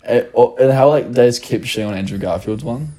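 A young man with a New Zealand accent chats on a podcast, relaxed and loose. His voice sits at an everyday middle pitch, and he swears casually between quick bits of banter. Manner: laid-back, swears, jumps into mock voices. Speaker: podcast co-host. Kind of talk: casual chat.

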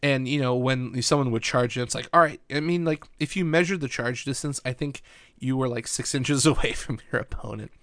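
A man's voice: medium pitch, a little fast, a bit bright, no echo. Male podcast host, medium voice, eager storyteller who rambles happily, dead-dry booth sound. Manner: enthusiastic, rambling, frequent "like" and laughs. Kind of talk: casual podcast recap.

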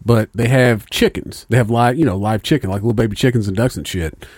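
A man's voice: fairly low pitch, brisk, darkish tone, husky, no room sound, studio quality. A man co-hosting a podcast, telling stories in a laid-back, profane way and laughing as he goes. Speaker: podcast co-host. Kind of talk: casual storytelling chat.

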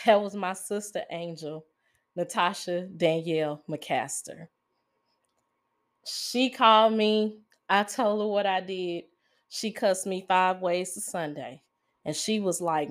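Woman host, slow and halting confessional delivery, lowish voice, fighting back tears. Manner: halting, emotional, pausing often. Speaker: podcast host. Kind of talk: confessional podcast monologue.

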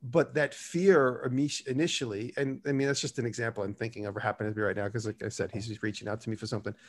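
A man's voice: mid-range voice, fairly even intonation, fast talker. A man tells stories in a loose, rambling way during an interview. He slips into the quoted lines of the people in his stories as he goes. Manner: rambling, acts out quoted dialogue. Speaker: guest. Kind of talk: casual storytelling.

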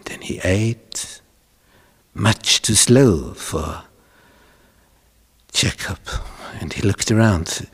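A male pastor retelling a Bible story in a dramatic, animated sermon style. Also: fairly low pitch, drawn-out words, pauses often, slightly rough. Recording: reverberant hall.

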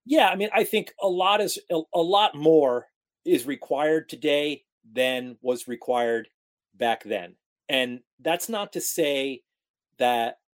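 Man in his forties telling stories. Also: medium pitch. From Capital Region of New York. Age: 40s. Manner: animated storyteller, acts out quoted talk. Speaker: sports broadcaster guest. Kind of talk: casual storytelling interview.

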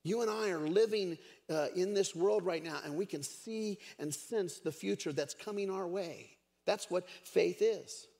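A man's voice: high voice, a little slow, gravelly, a little mellow. A man preaching a sermon as a pastor, chatty and storytelling, with frequent fillers. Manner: conversational storytelling, many fillers. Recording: echoey hall.

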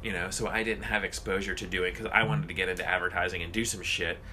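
A man co-hosting a casual podcast chat, ranting and swearing in an animated way. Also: sits low, fast talker, slight background noise.

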